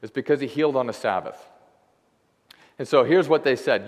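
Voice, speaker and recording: Casual preacher in a reverberant hall. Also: male voice, medium pitch, moderate pace, a little mellow. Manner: casual, conversational preaching with many "like" fillers. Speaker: guest preacher. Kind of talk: sermon. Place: church sanctuary.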